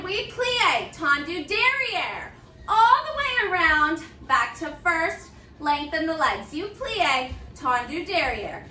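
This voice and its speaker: A woman's voice: very high voice, very animated, takes it slowly, sharp tone, distant mic, a little hiss or hum. A young woman leading a barre fitness class, counting down moves with upbeat, chatty cues and slightly out of breath. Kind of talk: counting through a live workout class. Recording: roomy sound from away from the mic.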